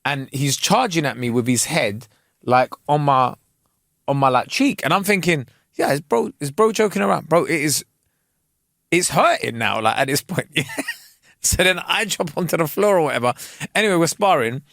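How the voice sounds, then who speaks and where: A man, co-hosting a podcast and telling a story in a casual, animated way full of slang. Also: fairly high pitch, normal speed, no room sound, studio quality. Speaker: podcast co-host. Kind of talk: casual chat.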